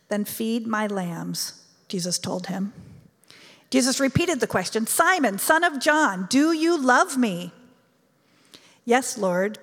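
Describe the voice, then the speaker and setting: A woman preaching a sermon and reading scripture in an earnest, measured way. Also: medium pitch, gravelly, big-room sound.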